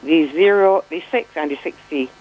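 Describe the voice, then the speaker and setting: A woman's voice: low voice, moderate pace. A woman in her sixties with a Barbadian accent, calling in to a radio show, chatty and giggly. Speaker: caller. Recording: dull phone line.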